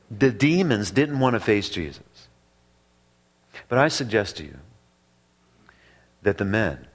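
A man preaching a sermon that works through a passage, speaking deliberately with drawn-out pauses and emphatic repetition. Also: fairly low pitch, a bit bright. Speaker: pastor. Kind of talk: expository sermon.

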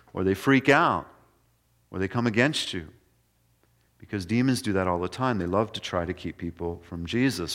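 A man preaching a sermon in an earnest way, going from quiet passages to emphatic ones. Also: lowish voice. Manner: earnest, swings between soft and emphatic.

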